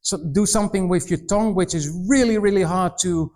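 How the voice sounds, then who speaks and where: A man in his forties stands before a college audience and gives a missionary presentation. His voice sits fairly high for a man. He tells stories with lively energy, mimics the people he met, and often stumbles over and restarts his sentences. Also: a little fast. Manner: animated storyteller, mimics voices, many restarts. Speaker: missionary speaker. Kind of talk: presentation to students.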